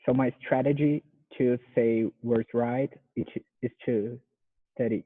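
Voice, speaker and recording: Slow-speaking Brazilian man on a tinny line. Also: medium pitch, steady tone. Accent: Brazilian Portuguese. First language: Portuguese. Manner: careful, deliberate repetition of words. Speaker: student. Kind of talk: language lesson practice. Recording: tinny phone-like video call.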